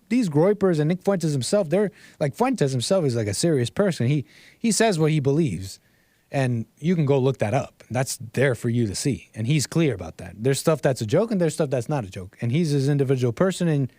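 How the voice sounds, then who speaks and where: A man talks off the cuff on his livestream, circling back on his phrases and dropping a questioning "right?" after his points. His voice sits fairly high for a man. The sound is dry, with no room echo. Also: darkish tone. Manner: rambling, restarts phrases, tags sentences with "right?"; chuckles between remarks. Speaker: livestream host. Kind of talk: casual livestream commentary.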